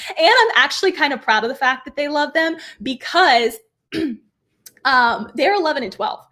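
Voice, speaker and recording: Middle-aged woman, crafting host, bubbly and self-deprecating, a touch hoarse, pitch a bit high. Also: expressive, moderate pace, pushed and bright. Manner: chatty, upbeat, self-deprecating. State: slightly hoarse, losing her voice. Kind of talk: live craft tutorial.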